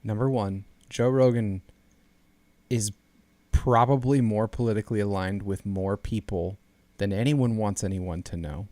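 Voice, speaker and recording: A man's voice: lowish voice, fairly even intonation, unhurried, a little mellow, no room sound. A man co-hosting a podcast in casual chat, rambling and restarting his sentences. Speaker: podcast co-host.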